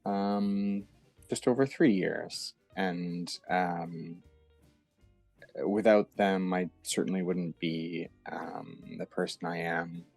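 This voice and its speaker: A man's voice: deep voice, steady tone, slow, creaky, a little mellow, husky, soft background music. A man in his thirties from the eastern United States, a guest chatting casually in an interview, hesitant with many ums and restarts.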